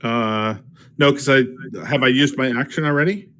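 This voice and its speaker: A man's voice: medium pitch, normal speed, bright, forceful tone, clear, resonant tone. A man playing a tabletop game online, joking and hesitant with many restarts, on a computer mic. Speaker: player. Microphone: computer mic on an online call.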